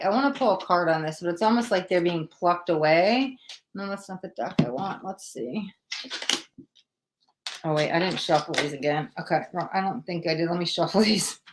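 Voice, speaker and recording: There's background noise behind this woman's mid-range voice as she hosts a live psychic tarot reading. Chatting with her viewers, she works through each card she draws, animated and talkative, acting out quoted voices.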